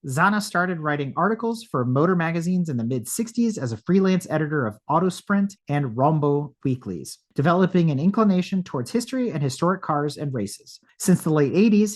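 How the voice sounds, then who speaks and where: A man reading a scripted introduction as podcast host, in an even, read-aloud delivery. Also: a little high.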